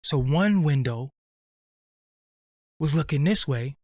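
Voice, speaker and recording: A man's voice: on the high side, expressive, slow pace, darkish tone, no echo. Profane streetwise New man. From Brooklyn, New York. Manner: blunt, streetwise, heavy swearing. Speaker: show host. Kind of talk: profane comedic storytelling.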